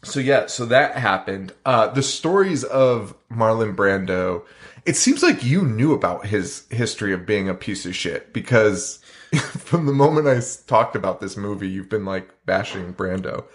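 A man co-hosting a podcast in casual chat, excitable and quick to react with disbelief. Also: fairly low pitch. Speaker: podcast co-host.

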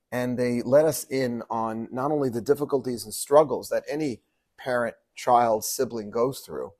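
A rabbi giving a Torah teaching, quoting Hebrew verses and translating them, with frequent rhetorical questions. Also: male voice, medium pitch. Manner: animated, quotes Hebrew verses then translates; asks rhetorical questions to the audience.

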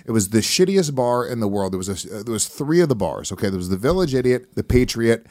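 A man's voice: mid-range voice, sing-song, fast talker, darkish tone, dry recording. A man hosting a podcast, telling crude rambling stories in casual chat, swearing often. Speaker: podcast host.

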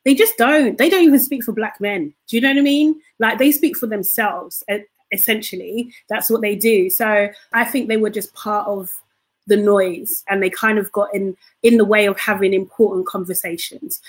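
A woman's voice: mid-range voice, normal speed. A woman co-hosting a casual opinion podcast. She talks earnestly and keeps checking in with her listeners. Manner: earnest, often asks "do you know what I mean".

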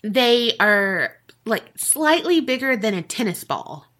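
A woman's voice: fairly high pitch, sing-song, slow, a bit bright. A woman co-hosting a podcast, telling a story in casual, profane chat full of "like" and "you know", often giggling. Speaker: podcast co-host.

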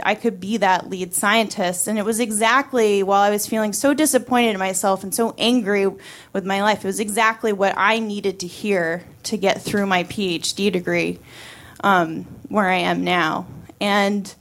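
A woman's voice: mid-range voice, fairly bright tone. A woman around thirty telling a personal story live, casual and wry, with many fillers and restarts.

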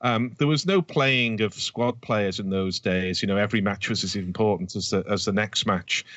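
A man's voice: on the low side, moderate pace, fairly bright tone, no room sound. A man talking casually about old football matches, with many fillers and restarts as he searches for words. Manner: rambling, hesitant, many fillers. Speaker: podcast co-host, Everton fan.

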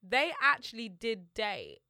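A woman's voice: on the high side, wildly swooping pitch, takes it slowly, sharp tone, dry recording, clean studio sound. A young woman, co-hosting a podcast, gossiping in rambling slang. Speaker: podcast co-host. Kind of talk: casual chat.

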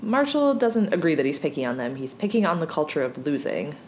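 Female podcast co-host, lower voice, laughs often, faint background hiss. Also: sing-song, a little fast, a little mellow. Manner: giggly, easygoing. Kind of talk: casual recap chat.

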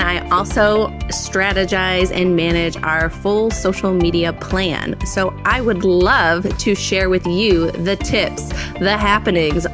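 A bubbly woman co-hosts a casual podcast, her voice sitting at an ordinary mid pitch. Faint music plays softly behind her. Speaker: podcast co-host and social media manager.

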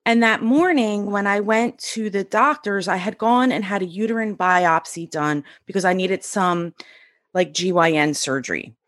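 Animated woman telling a dramatic story. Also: medium pitch, normal speed, no echo, studio quality. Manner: lively, animated storyteller acting out quoted voices. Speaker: podcast guest. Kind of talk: storytelling in an interview.

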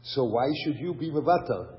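Lecturing in a conversational style on child-rearing, an older rabbi weaves Hebrew and Yiddish terms into frequent rhetorical questions. He speaks at a moderate pace in a mid-range voice with lively intonation, and the dull lo-fi hall recording has slight background noise.

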